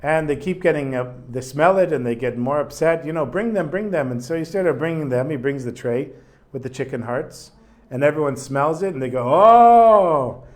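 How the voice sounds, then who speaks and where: A man's voice: mid-range voice, a little fast, darkish tone. A man teaching a religious lesson in a casual storytelling manner, with asides. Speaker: Torah teacher.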